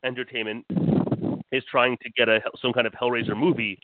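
A man giving a casual horror news rundown on a podcast, pausing often with "uh". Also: medium pitch, level tone, a little hiss or hum. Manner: hesitant, many "uh" pauses. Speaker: podcast co-host reading news. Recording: dry phone-like line.

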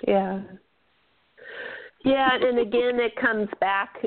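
Gentle woman host on a phone-like line. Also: mid-range voice, steady tone, unhurried, no room sound. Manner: gentle, affirming, many soft agreements. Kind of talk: spiritual talk show interview. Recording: dry phone-like sound.

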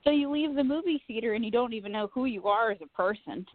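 A woman telling a story in casual chat, animated and self-mocking, swearing freely. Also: fairly high pitch, fast, no echo. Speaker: podcast co-host. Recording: tinny phone-like line.

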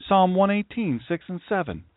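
A man's voice: high voice, expressive, normal speed, dry recording. A man preaching a sermon as a pastor, stressing his warnings and reading scripture aloud. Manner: emphatic, repeats warnings and scripture. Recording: tinny phone-like dry sound.

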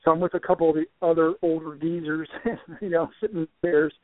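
An older man telling a long story as a guest on a talk show, animated and often restarting his words. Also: a little high, brisk, no echo. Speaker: guest researcher. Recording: tinny dry phone line.

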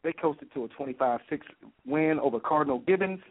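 A man hosting a sports segment on a radio show, reeling off scores quickly and dropping "man" between items. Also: fairly high pitch, breathy edge. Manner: rapid score rundown, peppered with "man". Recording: tinny phone-line sound with faint music.

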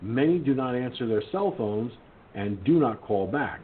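A man's voice: medium pitch, expressive, moderate pace. A male internet radio host who reads news items aloud and then rants about them, indignant and swearing. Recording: tinny phone-line sound with faint hiss.

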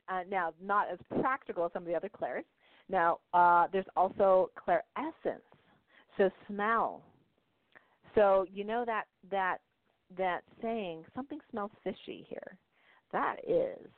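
A woman's voice: medium pitch, no echo. A woman hosting a talk show, telling stories in a chatty way, laughing often and checking in with "right?". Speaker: podcast host, intuition teacher. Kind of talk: casual storytelling talk. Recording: phone-like narrow band, dry.

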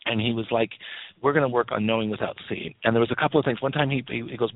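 A man's voice: mid-range voice, fairly even intonation, rapid-fire. A man in his fifties telling family stories in a rambling, casual way on a radio call, full of restarts and laughs. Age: 50s. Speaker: psychic radio guest. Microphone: phone line. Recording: tinny phone line, dry.

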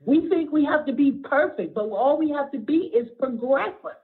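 A middle-aged woman pastor preaches passionately at a moderate pace, her high voice lively in intonation. At times near tears, she calls for responses from the congregation. The audio is tinny, like a phone.

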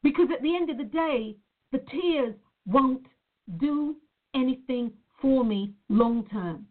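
A woman with a fairly high voice gives an earnest motivational talk, coaching her listeners. She leans on repeated words for emphasis. The sound is thin and tinny, like a phone line. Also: expressive, takes it slowly.

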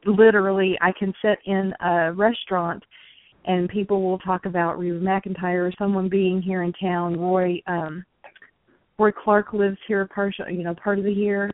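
A woman's voice: medium pitch, flat delivery, normal speed, dry recording. A woman in her forties, a guest speaking earnestly in casual conversation, sometimes slipping into a preachy tone. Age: 40s. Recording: tinny phone line, dry.

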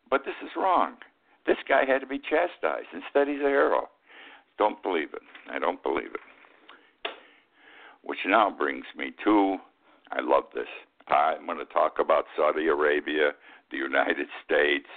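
Low male voice, emphatic radio talk host, narrow phone-like sound. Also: big pitch swings, measured pace, vocal fry, pauses often. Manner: emphatic, rises sharply on key words. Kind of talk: opinionated radio commentary.

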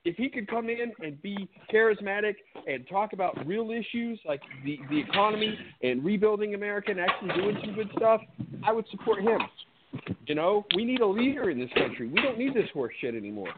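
A man rants emphatically in casual podcast chat and punctuates his points with swearing. His voice sits high. It comes through thin and phone-like. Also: animated, brisk, very noisy. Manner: emphatic, profane ranting. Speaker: podcast co-host. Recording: phone-like sound.

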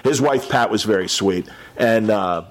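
Animated storytelling man from Chicago. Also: on the low side, unhurried. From Chicago suburbs. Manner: animated storyteller who acts out voices of people he met. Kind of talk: casual chat.

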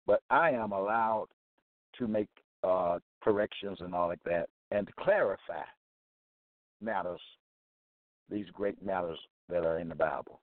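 A man's voice: fairly low pitch, expressive, unhurried, no echo. A man hosting a religious broadcast, preaching on Bible passages in an emphatic, repetitive way and checking in with "okay?". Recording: tinny phone-line sound, dry.

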